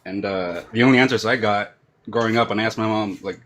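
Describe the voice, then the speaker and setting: Male guest, slightly low, bright forceful tone, plain short answers. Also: fast talker. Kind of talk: casual live-stream chat.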